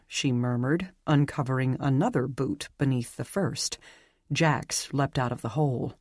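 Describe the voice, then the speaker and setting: A narrator reading a dark fantasy novel aloud with a measured, even storytelling delivery. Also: mid-range voice, dry recording, studio quality. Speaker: audiobook narrator. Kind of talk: scripted audiobook narration.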